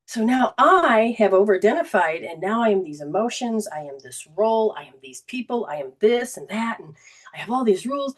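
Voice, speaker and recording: A woman's voice: mid-range voice, sing-song, brisk. Woman giving a rambling spiritual talk. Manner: rambling, repetitive phrasing, acts out quoted voices. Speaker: metaphysical teacher and show host.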